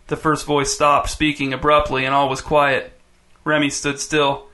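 A man narrates a story in a bright, clear voice, keeping his pitch fairly even. His reading is dry and wry, steady through long sentences. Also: measured pace. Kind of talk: scripted narration.

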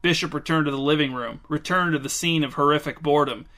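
A man narrating a written story in a dry, measured, deadpan way. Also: a little high.

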